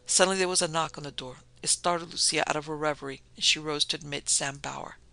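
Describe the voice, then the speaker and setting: A man narrating a story with a steady, dramatic reading. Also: a little high, fast, vocal fry.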